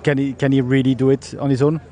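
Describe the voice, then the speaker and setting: A man hosting a cycling podcast, speaking haltingly with many fillers. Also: medium pitch, level tone, mellow. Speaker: podcast host. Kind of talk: casual chat.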